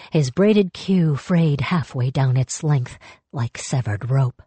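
A woman narrating a fantasy story in a measured, steady way, close to the mic. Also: deep voice, breathy edge, no echo. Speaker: audiobook narrator. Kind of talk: scripted narration.

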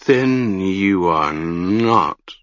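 A man voicing a trembling old sorceress, high and wild. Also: lively intonation, drawn-out words, a bit bright, no echo, dull audio, exaggerated voice. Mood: awed, pleading. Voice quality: whispery, trembling, pleading. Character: old grey-haired woman, broken former sorceress, frightened and wild.

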